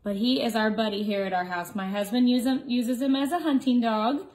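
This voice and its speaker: A woman in her thirties, a preschool teacher reading a picture book aloud to young children in a warm storytime voice. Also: on the high side, fairly even intonation, brisk, rough recording. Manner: warm sing-song storytime voice, barking the dog parts.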